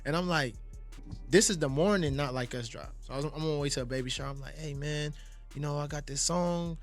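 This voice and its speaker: A man, a music producer, telling casual, profane stories in a fast, animated way. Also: on the high side. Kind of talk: casual storytelling in interviews.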